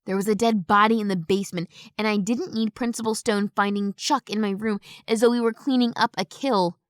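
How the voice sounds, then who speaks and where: A woman giving brisk, expressive first-person audiobook narration on a close studio mic. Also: mid-range voice, dry recording.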